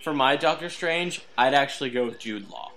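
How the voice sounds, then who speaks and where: A man joining a podcast as a guest, chatting casually and eagerly pitching jokes. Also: animated, normal speed, a bit bright. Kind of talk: casual chat.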